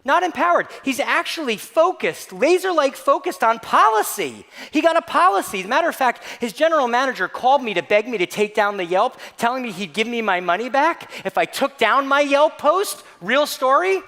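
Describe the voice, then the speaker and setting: A man giving a keynote talk to staff, telling a comic story in an animated, playful, mock-outraged way. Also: very high-pitched, a little fast, hardly any pauses. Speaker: keynote speaker. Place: large hall. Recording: long reverb of a large hall.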